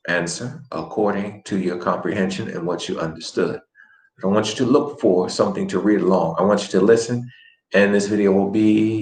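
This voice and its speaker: A deep-voiced man gives an online language lesson. He coaches his students earnestly and keeps encouraging them. His voice rings around an echoey room. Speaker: language teacher.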